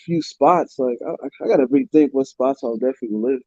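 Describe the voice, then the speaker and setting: New York man, podcast co-host, dark and dry, slangy banter. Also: mid-range voice, a little fast, creaky, no echo. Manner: animated, laughing, slangy banter. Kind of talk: casual sports podcast chat. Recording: dull lo-fi audio.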